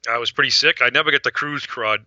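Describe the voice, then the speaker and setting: A middle-aged man who organizes fan events, telling a rambling, animated story in casual talk and acting out the voices of people he quotes. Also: mid-range voice, quick pace, dry recording, lo-fi sound.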